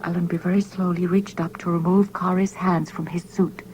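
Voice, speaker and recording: A woman narrating an audiobook in a measured, dramatic storytelling manner. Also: fairly low pitch, flat delivery, a little mellow, a little hiss or hum, poor audio. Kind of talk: scripted narration.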